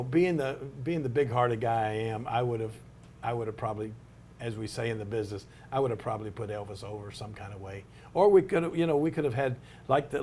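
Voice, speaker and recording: Faint hiss or hum sits under a medium-pitched, darkish male voice. Being interviewed, the elderly retired wrestler tells a lengthy story, frequently starting over and wandering into side remarks.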